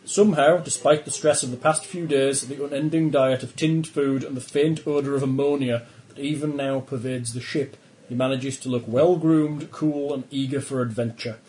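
A man's voice: mid-range voice, fairly even intonation, moderate pace, a little mellow, a little hiss or hum, low-quality recording. A man narrating a tabletop horror game as game master, descriptive and easygoing, laughing along with the players.

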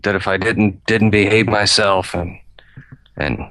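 A man's voice: fairly low pitch, steady tone, unhurried, bright, forceful tone. A man voicing a rambling drunk who was beaten and held captive, stammering and repeating himself. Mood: rattled, rambling. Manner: stammering, trailing off, repeating words. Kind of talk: tabletop role-play voice.

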